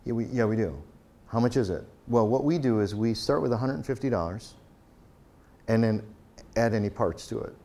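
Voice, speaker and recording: Lower-voiced pastor telling stories. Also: male voice, fairly quick, mellow. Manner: storytelling, acts out quoted exchanges, conversational. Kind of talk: conference talk.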